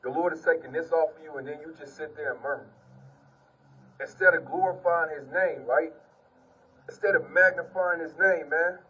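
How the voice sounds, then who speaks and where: A man preaches and reads scripture with a raspy, fairly high voice. He is earnest and repetitive, dropping "man" into nearly every line. He sits some distance from the mic, so he sounds a little far away. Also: fairly bright tone, lo-fi sound. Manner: sits on the ground while preaching. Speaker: preacher giving a testimony. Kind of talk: informal preaching and scripture reading.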